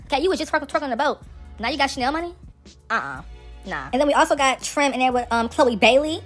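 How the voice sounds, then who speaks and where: A woman hosting casual celebrity gossip commentary, sassy, slangy and animated. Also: high voice, fast talker, soft background music.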